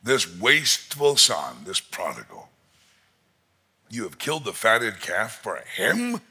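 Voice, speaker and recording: A man preaching a sermon as pastor, expressive and emphatic, rising to loud peaks. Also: fairly low pitch, takes it slowly, slightly rough.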